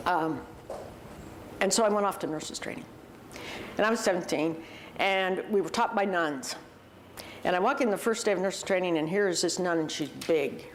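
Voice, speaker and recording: A woman, a university president, telling personal stories to an audience in a vivid, animated way and acting out the people she quotes. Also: on the low side, slight background noise. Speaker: university president giving a talk. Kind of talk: personal storytelling talk to an audience.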